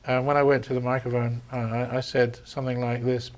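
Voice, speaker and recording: A man's voice: mid-range voice, level tone, a little fast, few pauses. Older Englishman telling anecdotes. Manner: anecdotal storyteller with frequent ums and restarts. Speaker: surgeon interviewee. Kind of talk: reminiscing in a conversation.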